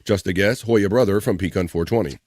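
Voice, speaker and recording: A man hosts a live stream, reading viewer comments aloud, joking and calling out names playfully. His fairly low voice moves fairly quickly, and the sound is dry and close with no room echo.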